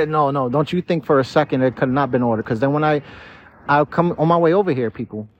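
A tipsy young man vlogs from outdoors in a park, slurring through a rambling, profane story told straight to his viewers. His voice is on the high side and brisk, and the recording has its highs cut off.

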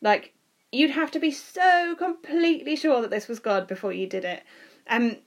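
A woman's voice: high-pitched, moderate pace. A woman leading a youth group session, explaining ideas in a chatty, teasing way with lots of fillers. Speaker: youth leader. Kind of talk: casual teaching chat.

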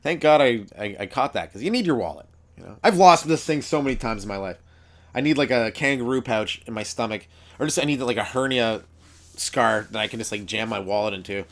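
A man's voice: mid-range voice, lively intonation, a little fast, a bit bright. A man, a comedian hosting his own podcast, rambling through profane stories in a casual monologue. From Canada.

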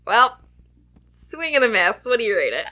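Woman podcast co-host, bright tone, loose chatty delivery with easy laughs and casual swearing. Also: fairly high pitch, sing-song, normal speed. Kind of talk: casual chat.

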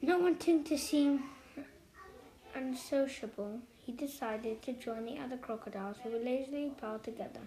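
A woman reading a children's picture book aloud, expressive, with occasional slips. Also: high voice, normal speed, low-quality recording. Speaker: storyteller. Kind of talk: children's story read aloud.

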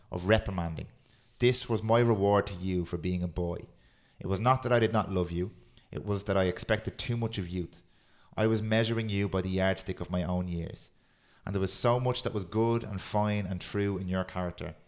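A man hosting a podcast, chatting casually and reading a poem aloud in a steady, earnest way. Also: low voice. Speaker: podcast host.

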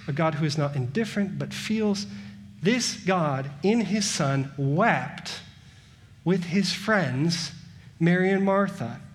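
A man in his thirties, a pastor preaching a sermon in a conversational way, asking his listeners questions and building long rhythmic lists. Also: fairly high pitch. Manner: conversational, asks the congregation rhetorical questions.

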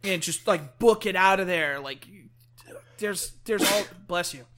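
In a casual chat, a man with a high, bright voice gushes excitably at a measured pace. He sprinkles "like" through every sentence and laughs along as he talks.

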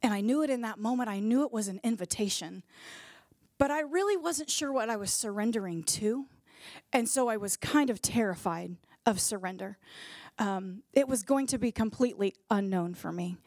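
A woman's voice: medium pitch, lively intonation, normal speed, darkish tone, no room sound. Earnest woman telling a faith story, dry. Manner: earnest, vivid storytelling with fillers. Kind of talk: casual personal faith testimony.

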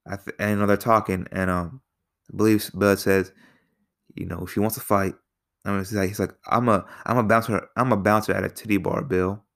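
A man's voice: fairly low pitch, a bit bright, clean tone. A man casually reviewing a film, rambling with lots of fillers and slang, sometimes restarting his sentences. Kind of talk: casual spoken movie review.

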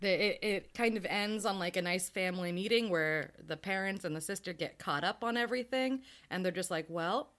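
Female podcast co-host, conversational recap, animated, laughs easily, mimics characters. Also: mid-range voice, a little fast, few pauses. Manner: animated, laughs often, acts out characters' lines. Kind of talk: casual movie recap chat.

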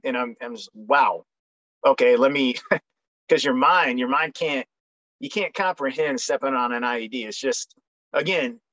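Speaking in a mid-range, somewhat bright voice, a young veteran shares his story as a guest in a relaxed interview. He's candid and playful but full of ums and restarts, and the recording is dry and a bit dull.

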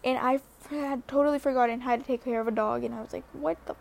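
Young woman, high pitch, casual rambling vlog storyteller. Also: fairly even intonation, quick pace, creaky, darkish tone. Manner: chatty, rambling, with many fillers and restarts. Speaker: vlogger.

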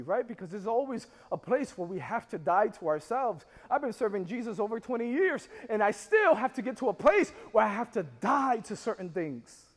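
A man with a very high voice preaches a fervent sermon, swinging between hushed lines and shouts. He calls on the congregation to answer him. His voice rings through a long reverberant hall. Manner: impassioned preaching with rising shouts and call-and-response. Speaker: pastor.

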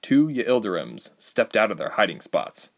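A man narrating a fantasy audiobook with expressive storytelling. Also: on the low side, moderate pace. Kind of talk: scripted narration.

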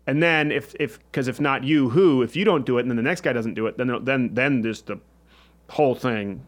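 A man's voice: mid-range voice, fairly quick. A man hosting a casual studio show, joking and rambling with frequent restarts. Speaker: host.

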